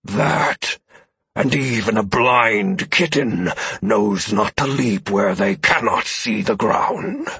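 A man voicing a calm, telepathic giant cat companion who speaks slowly and solemnly. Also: fairly low pitch, creaky, breathy edge, dry recording, full character voice. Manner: slow, measured, solemn.

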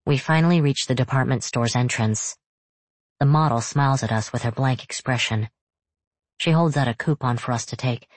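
A narrator reading a first-person novel in a steady, measured storytelling voice. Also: medium pitch, dry recording. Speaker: audiobook narrator.

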